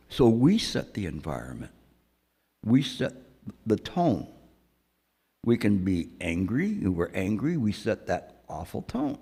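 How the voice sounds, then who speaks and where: A meditation teacher giving a dharma talk into a microphone on a stand, in a reflective, halting storytelling manner with frequent restarts. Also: male voice, medium pitch, wildly swooping pitch, creaky, mellow, slightly rough, long reverb tail. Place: meditation center hall.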